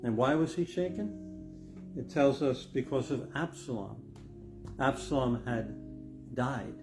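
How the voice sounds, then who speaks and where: An older man, a pastor, preaches a sermon in a mid-range voice at a slightly slow pace. His delivery is earnest and reflective, building toward emphatic stress. Guitar music plays behind him throughout.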